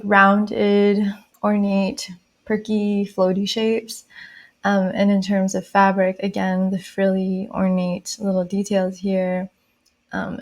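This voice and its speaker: A woman explaining a style system in a lesson, speaking softly and listing qualities one phrase at a time. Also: medium pitch. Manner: slow, soft-spoken, listing qualities one by one. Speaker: style educator.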